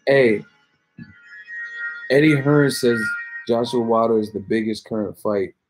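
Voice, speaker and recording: A man's voice: medium pitch, measured pace, low-quality recording. A man hosting a late-night livestream, rambling, swearing and joking. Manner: profane, rambling, jokey. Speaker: host. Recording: music playing clearly behind.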